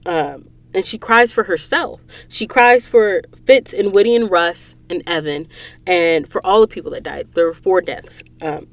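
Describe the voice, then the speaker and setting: A woman hosting a podcast and recapping a book in a casual, animated way, acting out the characters' lines while sniffling from allergies. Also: lowish voice, no echo. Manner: animated storyteller, acts out quoted lines. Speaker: podcast host. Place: recording booth.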